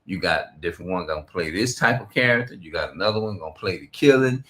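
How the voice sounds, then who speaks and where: A man's voice: deep voice, lively intonation, fast talker, fairly bright tone. A man giving a rambling, profane religious monologue on a stream, reading scripture aloud between his remarks. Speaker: street preacher.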